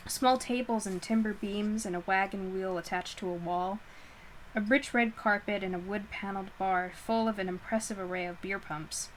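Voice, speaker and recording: A woman's voice: mid-range voice, a little hiss or hum, rough recording. A woman reading a novel aloud in a casual, homemade narration, often stumbling, correcting herself and chatting between passages. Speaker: audiobook reader.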